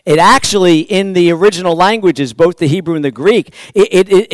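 A man gives a church sermon in an easygoing, rambling manner, often restarting and repeating phrases. His voice sits a bit high for a man. The sound is close and dry. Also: a little fast, hardly any pauses, no echo. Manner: conversational, rambling with restarts and repetitions. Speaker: pastor.

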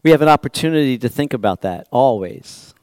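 A man's voice: mid-range voice, animated, brisk, a little mellow, no echo. A man pastor preaching a sermon in a church, talking in a conversational, rambling way with restarts and repeated words.

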